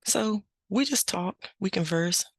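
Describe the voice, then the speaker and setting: A middle-aged woman hosting a podcast, telling a family story in an unhurried, plain-spoken way. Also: medium pitch, animated, dry recording. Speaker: podcast host. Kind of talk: casual spoken reflection.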